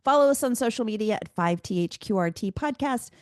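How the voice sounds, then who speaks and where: A woman podcast host with a fairly high, lively voice asks interview questions in an upbeat, casual way, laughing often. She speaks fairly quickly, and the studio sound is clean with no echo.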